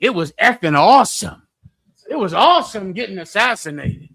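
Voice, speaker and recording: A man's voice: high voice, very animated, normal speed, vocal fry, fairly bright tone, no room sound, heavily acted. A man mimicking a whooping tough guy. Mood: boastful. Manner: whooping, boastful. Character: brash thrill-loving tough-guy man.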